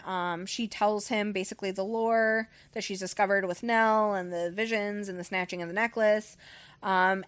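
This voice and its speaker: A woman's voice: medium pitch, a bit bright, clean tone. A woman hosting a book club podcast, recapping a story in a rambling casual way, full of ums and likes and the odd casual swear.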